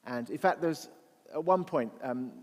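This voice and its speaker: A man's voice: medium pitch, moderate pace. Man giving a reflective talk in a reverberant hall. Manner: conversational and reflective, with frequent restarts and rhetorical questions. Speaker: guest speaker at a church event. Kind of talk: apologetics talk to an audience. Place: church hall. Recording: long reverb of a large hall.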